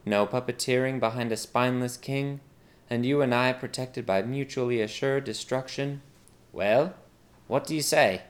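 A man voicing a sly young maid who calmly admits to her plots. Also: medium pitch, moderate pace, close to an everyday voice.

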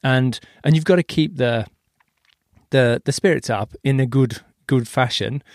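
A man's voice: medium pitch, unhurried, a little mellow, no room sound, studio quality. An Australian man hosting a podcast interview, telling stories in a loose, easygoing way with casual swearing. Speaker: podcast host.

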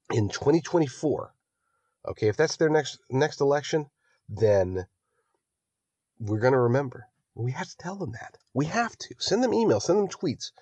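A man hosting a political podcast, delivering a rousing monologue that builds to near-shouting exhortation. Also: medium pitch, no room sound, dull audio. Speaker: podcast host.

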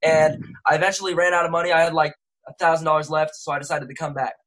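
A man's voice: on the high side, little pitch movement, fast, a bit bright, rough recording. A young man, a rapper and interview guest, telling a rambling casual story full of slang and self-corrections. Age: young adult.

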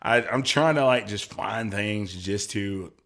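40s pastor guy telling funny family stories, laughs a lot, bright punchy voice. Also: on the low side, slow pace. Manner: laughing storyteller, acts out family quotes. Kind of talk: casual chat.

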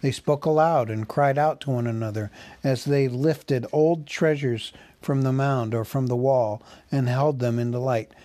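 Male reader, unhurried, dry close sound, mid-pitched. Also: mellow, no room sound. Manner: slow, measured storytelling. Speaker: audiobook reader. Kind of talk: reading a novel aloud.

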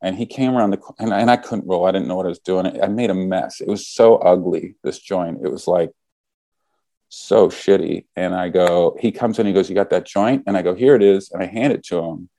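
A man's voice: low voice, brisk, vocal fry, dark tone, no room sound. A man casually telling a story, acting out the quoted lines as he goes.

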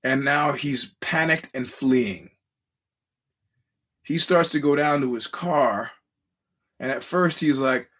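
Male podcast host, casual storyteller, middle pitch, rambles along and acts out other people's lines. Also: slow, pauses often, slightly rough. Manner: rambling, animated, acts out quoted voices.

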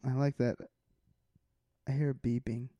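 A man's voice: medium pitch, level tone, unhurried, mellow, no room sound, lo-fi sound. A man co-hosting a podcast in casual chat, laughing often and bantering easily. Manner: laughs a lot, easygoing banter. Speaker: podcast co-host.

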